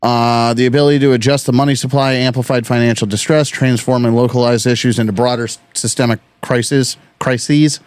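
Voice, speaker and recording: A man's voice: mid-range voice, fairly even intonation, a little fast, hardly any pauses, a little mellow, clean tone, dry recording, clean studio sound. A young man co-hosting a history podcast, chatting casually, swearing freely and reading from notes in stretches. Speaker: podcast co-host.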